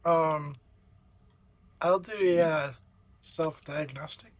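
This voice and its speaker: A man's voice: on the high side, fairly even intonation, slow pace. A man in a role-play game speaking in character as a ship's doctor, hesitant and trailing off. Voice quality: husky. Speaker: player voicing a ship's doctor.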